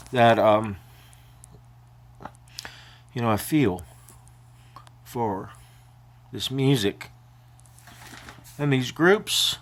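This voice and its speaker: A man's voice: medium pitch, very slow, pauses often. An older man vlogging in a casual, rambling way, emotional and prone to choking up as he talks.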